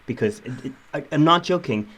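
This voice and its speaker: A man co-hosting a podcast, gushing excitedly about a film and laughing easily. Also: mid-range voice, a little fast. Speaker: podcast co-host. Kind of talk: casual film discussion.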